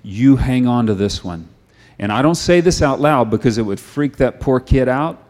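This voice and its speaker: A middle-aged man delivering a sermon at an ordinary pitch. He speaks in a chatty, storytelling manner and later shifts into a softer, earnest tone as he leads prayer. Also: expressive, moderate pace. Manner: conversational storytelling, then quiet earnest prayer. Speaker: preacher.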